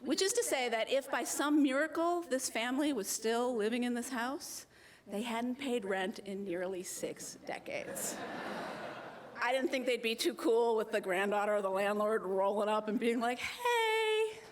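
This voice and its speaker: American woman telling a true story live, lively and self-mocking, does little voices for people. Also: on the high side, normal speed. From United States.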